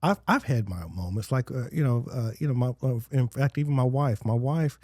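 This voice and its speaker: A man as a podcast guest, telling stories in a rambling way with lots of restarts and lively acted-out quotes. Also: mid-range voice, a little fast, no room sound, clean studio sound. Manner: rambling storyteller, many fillers and restarts, animated quotes. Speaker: guest, business owner. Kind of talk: casual interview chat.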